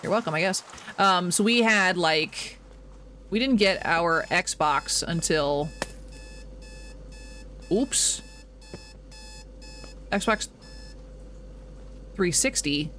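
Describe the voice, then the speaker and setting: A young man livestreaming a game and chatting easily with viewers. His voice sits high and bounces around a lot, chatty and self-mocking, with faint background sound behind him. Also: animated, extremely slow, long pauses, pushed and bright, a little hiss or hum. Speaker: streamer. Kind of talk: casual gameplay chat.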